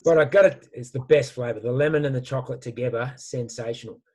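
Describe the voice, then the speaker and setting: A man giving an animated motivational talk and telling stories with casual slang. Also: mid-range voice, fast. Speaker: guest speaker.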